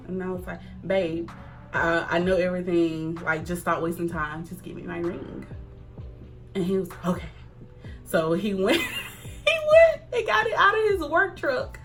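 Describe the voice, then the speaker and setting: A young woman chatting casually to camera, animated, acting out quoted lines and laughing often. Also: lowish voice, unhurried, pauses often, soft background music. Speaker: vlogger. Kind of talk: casual storytime chat.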